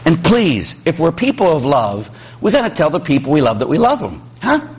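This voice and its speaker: A man's voice: a little high, moderate pace, slightly rough. A middle-aged man from Pittsburgh, a priest preaching a sermon with jokes, acting out quoted voices. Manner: animated, joking, acts out quoted voices.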